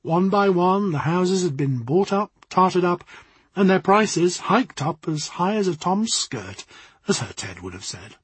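A man narrates a story with an expressive, wry delivery. His voice is high and lively, with a husky, breathy texture, and it sounds dry and close. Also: a little slow, no room sound.

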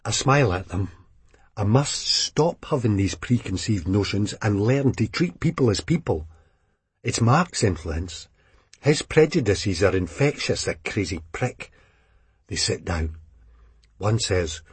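A man's voice: lowish voice, lively intonation, unhurried, slightly rough, no echo. A man reading a novel aloud in the first person, wry and seething, swearing often. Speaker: audiobook reader.

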